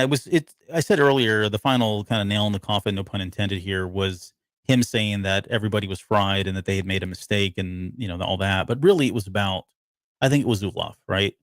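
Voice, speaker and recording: With a lowish voice, a podcast co-host rambles through a casual breakdown of a TV episode, restarting frequently and using lots of fillers. No room sound can be heard.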